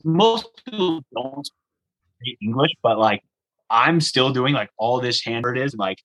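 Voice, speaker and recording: A man's voice: mid-range voice, measured pace, rough recording. A young man telling a travel story in a casual conversation, acting out the dialogue and using lots of "like" fillers. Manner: animated, acts out the dialogue, frequent "like" fillers.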